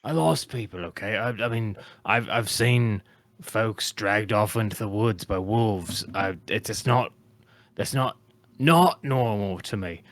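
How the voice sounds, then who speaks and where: A man as a worn-down male adventurer, grieving and halting, words breaking off mid-thought. The voice is bright and slow, recorded dry and close. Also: lowish voice, no room sound. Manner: halting, stammering, choked up.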